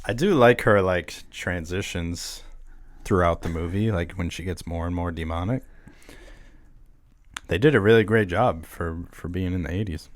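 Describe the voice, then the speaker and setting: A man's voice: low-pitched, normal speed, no echo. A man co-hosting a podcast in casual chat, easygoing and joking, and often calling people dude. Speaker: podcast co-host.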